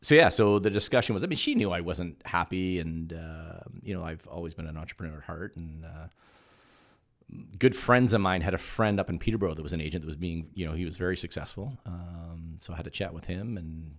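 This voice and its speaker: Deep-voiced easygoing middle-aged man. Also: brisk. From Canada. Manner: easygoing, many fillers and repeated yeahs. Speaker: insurance agent guest. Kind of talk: casual interview chat.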